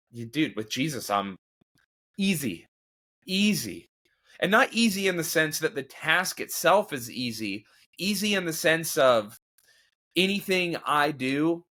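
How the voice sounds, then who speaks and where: A man's voice: on the high side, expressive, a little slow, sharp tone. Earnest, emotional man talking candidly. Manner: earnest, rambling, emotional, with restarts and laughs. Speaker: comedian and podcast guest. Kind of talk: candid conversational talk.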